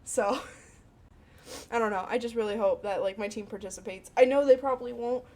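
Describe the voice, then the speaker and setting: Woman, podcast co-host, animated, giggly, somewhat high pitch. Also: fairly quick. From Chicago area. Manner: giggly, animated storyteller who acts out coworkers' voices. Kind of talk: casual chat.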